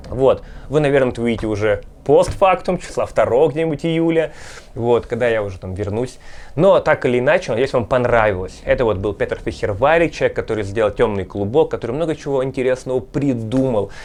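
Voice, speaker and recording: A man's voice: medium pitch, lively intonation, fast, a little mellow. Man, show host, studio, chatty sign-off, thanks viewers, loose delivery. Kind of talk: casual outro to viewers.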